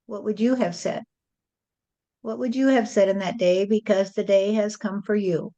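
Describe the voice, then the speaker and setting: A woman speaking as a spirit medium in a channeled spiritual address, with a slow, rhyming, sing-song preaching delivery. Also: medium pitch, steady tone, dark tone, highs cut off.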